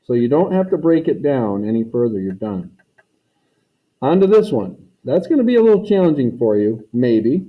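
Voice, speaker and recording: A man's voice: mid-range voice, big pitch swings, normal speed. A man teaching a math lesson in a folksy way, talking students through each step and repeating his catchphrases. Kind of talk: recorded classroom lesson. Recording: tinny phone-like recording.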